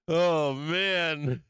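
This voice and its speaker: A man's voice: a little high, vocal fry, background noise. A man hosting a live stock market stream, commenting casually on charts, laughing often, swearing and teasing his chat. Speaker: stock market livestream host.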